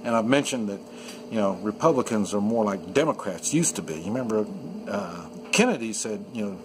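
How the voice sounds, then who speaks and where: A man's voice: on the low side, expressive, fairly quick, noisy background. Rambling man talking off the cuff. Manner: rambling, many restarts and fillers. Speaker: video commentator. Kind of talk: unscripted opinion monologue. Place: at home in the countryside.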